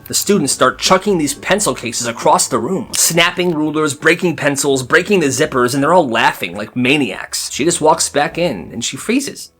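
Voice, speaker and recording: Brief: husky male storyteller, lively pitch, faint music underneath. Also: moderate pace. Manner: animated storyteller jumping into character voices. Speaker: storytime creator. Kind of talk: comedic storytelling with skit voices.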